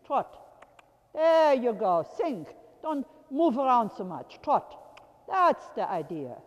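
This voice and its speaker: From the arena floor, a female riding instructor gives a rider short, repeated commands with the occasional laugh. Her voice is on the high side and sing-song, her pace is slow, the highs are cut off, and a long hall reverb fills the recording.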